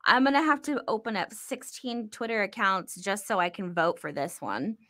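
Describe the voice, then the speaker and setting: A woman co-hosting a casual chat podcast, chatty and quick to laugh as she reads out items. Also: mid-range voice, fairly bright tone. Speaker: podcast co-host.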